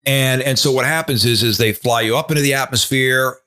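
A man's voice: medium pitch, brisk, bright, forceful tone. A man in his sixties, a retired TV weatherman, telling a casual, rambling story full of restarts and asides. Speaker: retired TV meteorologist, guest.

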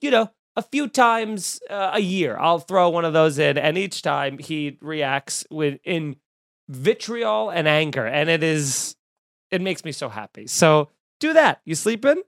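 Male podcast host, comedic and animated, dry close mic. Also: a little high, a little slow, creaky, no echo. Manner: animated, jokey storytelling with sudden loud outbursts. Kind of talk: casual comedic podcast chat.

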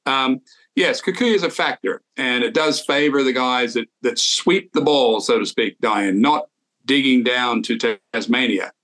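Unhurried and fairly bright, a medium-pitched male voice belongs to an Australian former tour pro in his sixties. Co-hosting a casual podcast, he tells stories in an easygoing manner and restarts frequently.

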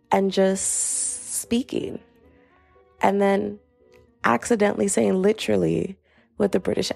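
A woman's voice: medium pitch, gravelly, a little mellow. A young woman hosting a casual solo podcast from home, rambling through a dramatic story in slangy speech. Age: young adult. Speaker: podcast host. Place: home, bedroom.

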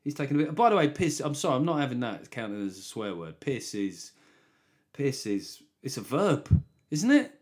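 A man's voice: medium pitch, very animated, moderate pace. Rambling man joking solo. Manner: rambling, jokey asides, laughs at own jokes. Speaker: comedy podcast host. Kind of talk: solo comedy podcast monologue.

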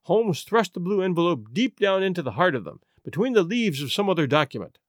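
Expressive male storyteller. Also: sits high, fairly quick, dry recording, studio quality. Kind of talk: scripted audiobook narration.

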